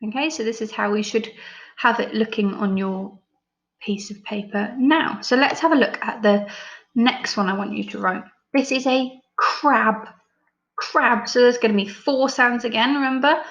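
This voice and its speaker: A woman teacher with an English accent, leading a recorded phonics lesson for young children, sounding out each letter slowly and praising often. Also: a little high, fairly bright tone. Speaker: primary school teacher. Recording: slightly dull lo-fi recording.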